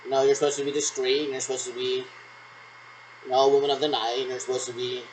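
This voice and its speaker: A man's voice: medium pitch, flat delivery, fast, slight background noise, poor audio. A man rambling through pretend radio checks on his own, ending turns with "over". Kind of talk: solo role-played radio checks.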